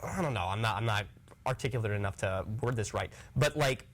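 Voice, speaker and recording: A man's voice: lowish voice, a little fast, a bit bright, poor audio. A young man as an interview guest, chatting casually in a rambling way and laughing often. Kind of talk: casual chat.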